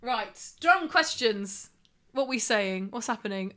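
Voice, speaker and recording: Giggly chatty woman, bright voice. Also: on the high side, lively intonation, takes it slowly. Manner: giggly, chatty, reads out viewer questions. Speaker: co-host of a drum lesson channel live Q&A. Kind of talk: casual live-stream chat.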